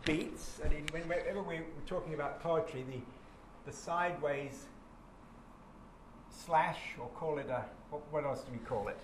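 A man's voice: fairly high pitch, a little slow. A man giving a classroom lecture, explaining patiently and chanting rhythms aloud. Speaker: teacher. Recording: echoey classroom with background noise.

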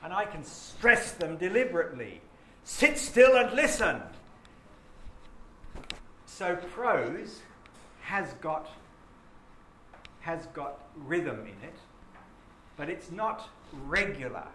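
A man's voice: fairly high pitch, very animated, takes it slowly, fairly bright tone. Man teaching in an echoey classroom. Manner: explains patiently, chants rhythms aloud. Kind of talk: classroom lecture. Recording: echoey classroom with background noise.

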